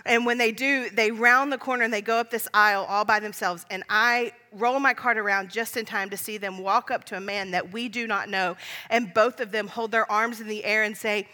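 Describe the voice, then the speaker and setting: A woman's voice: a little high, a little fast, sharp tone, in a large hall. A woman in her thirties preaching a sermon, telling funny family stories in a chatty, self-deprecating way and laughing along.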